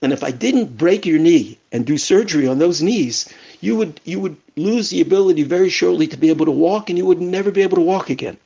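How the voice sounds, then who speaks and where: A man playing a self-assured surgeon with a husky, slightly raised voice. He explains and reassures earnestly. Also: a little high, lively intonation, fast talker, warm tone, lo-fi sound, heavily acted. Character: calm confident male surgeon.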